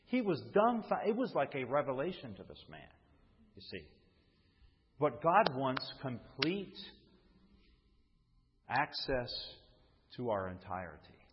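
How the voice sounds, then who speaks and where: A man's voice: mid-range voice, huge pitch swings, slow, long pauses, slight background noise. A male pastor preaching a sermon to his congregation, calling for responses and repeating phrases as he goes. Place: church sanctuary. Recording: long hall reverb, dull muffled sound.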